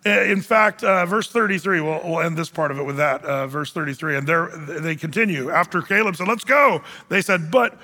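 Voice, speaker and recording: Animated man preaching in an echoing hall. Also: fairly high pitch, fairly quick, hardly any pauses. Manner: animated, acts out quoted voices. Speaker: men's group speaker. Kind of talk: sermon. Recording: reverberant hall.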